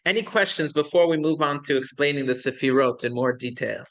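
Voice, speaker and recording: A man's voice: fairly high pitch, brisk, fairly bright tone. A man, a rabbi, teaching a class in a conversational lecture style, often checking in with his students and asking them questions.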